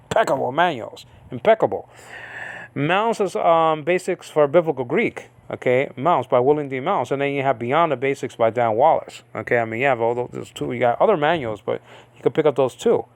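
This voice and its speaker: A man's voice: mid-range voice, creaky, no room sound. A man giving an informal Bible-study lecture, rambling with many fillers and frequent checks of "okay?" with his listeners. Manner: rambling, filler-heavy, keeps asking "okay?". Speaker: Bible teacher.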